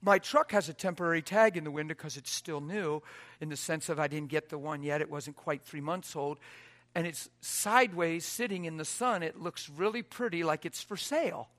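A man preaching a sermon through a personal story, dropping to hushed quoted lines and rising to loud, near-shouted exhortation. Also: on the high side, normal speed.

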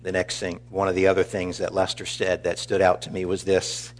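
Deep-voiced man giving a eulogy. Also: monotone, a little hiss or hum. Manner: earnest, measured, warmly storytelling. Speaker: pastor. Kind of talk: funeral eulogy.

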